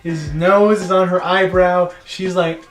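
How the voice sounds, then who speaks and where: A chatty teenage guy tells his story in a casual vlog, his voice sitting a little high. He talks in an animated way and acts out bits in silly voices. The room is echoey, with faint music underneath. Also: measured pace. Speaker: storytelling vlogger.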